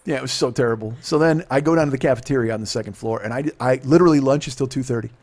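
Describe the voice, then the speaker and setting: A middle-aged man, a podcast host, telling a profane, animated story in casual talk and acting out the dialogue. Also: mid-range voice, racing.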